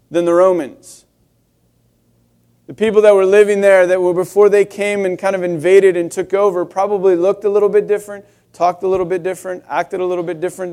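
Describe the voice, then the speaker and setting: Young male pastor, slightly high voice, conversational and wry, casual sermon delivery. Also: a little mellow. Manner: conversational, wry storytelling with restarts.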